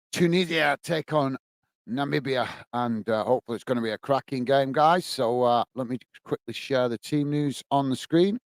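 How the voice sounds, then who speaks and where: A man's voice: mid-range voice, dry recording. A man from the UK hosting a casual football watch-along stream, chatting to viewers with lots of fillers and friendly greetings, a bit out of breath. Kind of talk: casual live-stream chat reading viewer comments.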